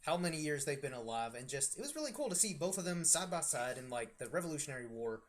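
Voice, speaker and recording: A man's voice: on the high side, sing-song, fast talker. A man in his twenties arguing his side in a casual film debate, talking over the others. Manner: argumentative, talks over others.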